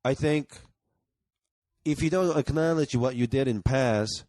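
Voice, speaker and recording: A man's voice: medium pitch, a little slow, darkish tone, no room sound. A man from Japan, a guest comedian talking bluntly and earnestly in a casual podcast chat, swearing freely.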